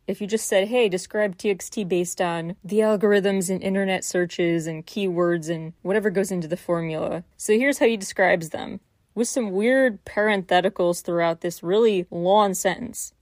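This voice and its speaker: A woman's voice: medium pitch, moderate pace, darkish tone, dry recording. Incredulous woman podcast host, dry sound. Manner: incredulous, rambling critique with rhetorical questions. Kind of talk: solo news recap podcast commentary.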